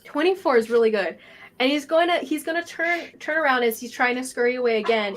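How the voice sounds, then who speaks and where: A woman narrating a tabletop game as game master in a chatty, quick way. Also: sits high, slight background noise.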